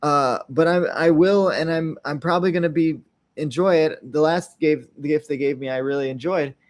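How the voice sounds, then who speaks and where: A man's voice: a little high, moderate pace. Rambling man hosting an unscripted podcast. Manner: rambling, frequent tag questions, acts out little quotes. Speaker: podcast host.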